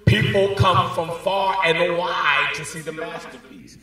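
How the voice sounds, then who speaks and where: A pastor preaching a sermon, calling on the congregation to answer back and building from soft talk to shouts. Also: male voice, high-pitched, fairly even intonation, a little slow, crowd noise. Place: church sanctuary. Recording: echoey sanctuary from far off, faint music.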